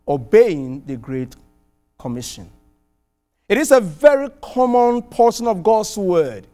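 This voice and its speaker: A middle-aged man from outside the US preaching a sermon, telling a personal story with animated, swelling exclamations. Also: high voice.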